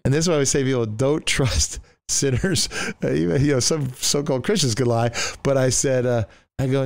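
An older man recounts his past in a smooth, resonant voice, jumping into the voices of the people he quotes. The sound is close and dry, with no room around it. He wanders and restarts mid-sentence but keeps the story moving. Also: mid-range voice, steady tone, fairly quick, no echo. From Oregon, US. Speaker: pastor sharing his testimony. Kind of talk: animated storytelling.

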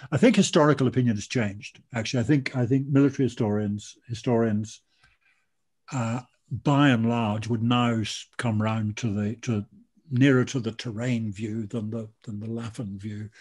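A man's voice: medium pitch, a little mellow, slightly rough. An older man from Britain, a military historian answering a question in a live online talk, outspoken and blunt, with frequent ums and restarts.

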